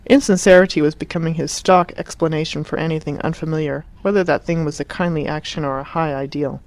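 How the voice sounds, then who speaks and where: A woman narrating an audiobook in a measured, expressive reading voice. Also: sits low, no room sound. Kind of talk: scripted narration.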